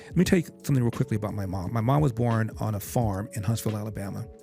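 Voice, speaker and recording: With a warm, low voice and some vocal fry, an older podcast guest speeds through a family tale, quoting his father word for word. A music bed sits behind his speech.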